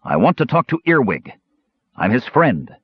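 A man's voice: medium pitch, big pitch swings, moderate pace, slightly rough, no echo, muffled recording, voice pushed up, exaggerated voice. A man voicing a big, loyal male warrior who talks in an earnest, urgent way in an audiobook. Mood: urgent calling. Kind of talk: audiobook character voice.

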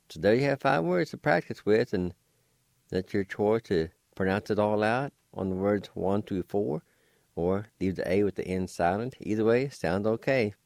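A man hosting a radio language lesson, spelling out letters and pronouncing each word slowly, repeating it. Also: low-pitched, a little mellow, no echo, studio quality. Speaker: language teacher on radio show.

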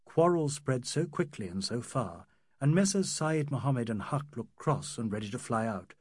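A man reads a classic novel aloud in a measured, wry manner. His voice is slightly husky and a touch high, with lively rises and falls, recorded close and dry with no room sound. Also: dry recording. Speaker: narrator. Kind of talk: audiobook narration of a classic novel.

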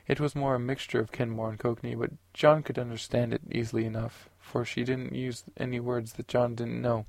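A man narrating a science fiction audiobook in a steady, unhurried way. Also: medium pitch, vocal fry, no room sound.

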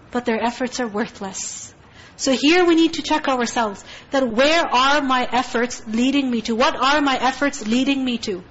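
High-voiced earnest woman teaching Quran. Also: dull audio. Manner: earnest, rhetorical questioning, recites Arabic verses quickly. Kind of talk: Quran tafsir lesson.

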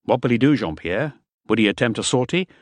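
A brisk, cautious mercenary commander, as a male narrator voices him, speaking in clipped, commanding questions. His voice sits a little above the narrator's own and moves with lively inflection. Dry, close audiobook sound. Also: mid-range voice, no room sound, pitched above the performer's own voice, natural voice. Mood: questioning. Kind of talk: audiobook character voice.

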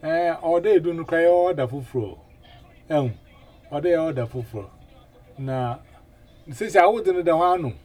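A man hosting a casual radio chat, animated and full of 'eh' fillers and repeated words. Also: on the high side, normal speed, long pauses. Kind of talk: casual chat in mixed languages.

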